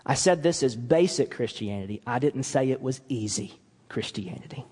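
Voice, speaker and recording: Animated preacher in a reverberant hall. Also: male voice, mid-range voice, normal speed, slightly rough. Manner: animated preaching, acts out quoted apologies. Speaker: pastor. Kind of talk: sermon. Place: church sanctuary.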